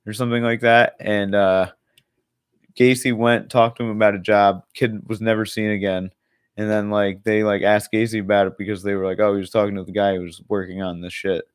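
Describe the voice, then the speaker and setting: Young dude rambling on a podcast, kinda low voice, dry close sound, says like a lot. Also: male voice, smooth, no echo. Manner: rambling, heavy filler words, swears a lot. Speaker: podcast co-host. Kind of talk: casual chat.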